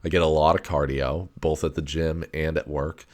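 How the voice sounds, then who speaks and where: A man with a very deep voice rambles through a casual solo rant. He swears freely, stacks up fillers and restarts his sentences often. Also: steady tone, normal speed, darkish tone. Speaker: podcast host.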